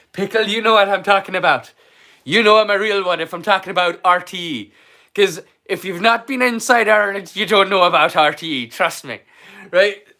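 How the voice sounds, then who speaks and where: A man's voice: high voice, bright, forceful tone. A man with a Scottish accent, mixed and borrowed from many places, hosting a casual live-stream watch-along, rambling and chatting straight back to his viewers. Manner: rambling and chatty, answers his chat directly.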